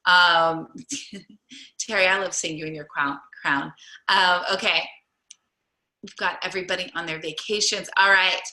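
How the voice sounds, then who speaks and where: A woman with a very bright, forceful voice talks chattily to a group on a call, encouraging them and filling pauses with ums and likes. The sound is roomy, with a noticeable echo around her. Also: fairly low pitch, steady tone. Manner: chatty, encouraging, many fillers. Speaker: group coach. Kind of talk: group call coaching talk.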